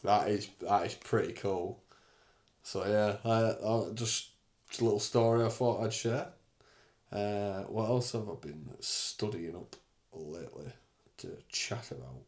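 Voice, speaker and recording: A man's voice: on the low side, unhurried, a little mellow. A young man hosting a podcast, talking candidly and bluntly in a casual solo monologue, with the odd swear word. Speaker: podcast host.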